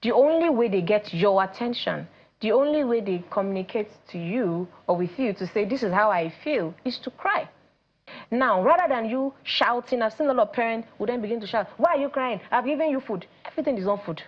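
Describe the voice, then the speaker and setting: Animated Nigerian woman coach. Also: mid-range voice, brisk, lo-fi sound. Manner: animated, acts out parents and children in quoted voices. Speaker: teen coach guest. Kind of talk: studio talk show conversation.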